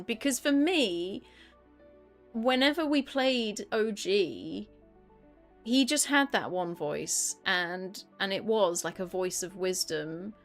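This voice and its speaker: A British woman talks her way through a live game stream in a loose, rambling way, full of "um"s and sudden excitable bursts when she answers chat. Her voice sits in a middle pitch, and soft music plays quietly behind her.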